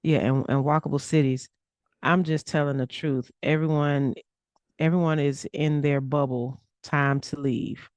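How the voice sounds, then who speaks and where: A woman's voice: low-pitched, steady tone, a little slow, a little mellow, no echo. A woman co-hosting a casual political talk stream, chatty and teasing as she reads viewer comments aloud. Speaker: co-host reading viewer comments.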